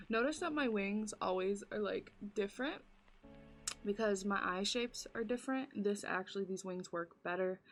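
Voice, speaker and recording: A woman vlogger telling a spooky story in casual chat while doing her makeup, full of "like" fillers and dramatic retelling. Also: medium pitch.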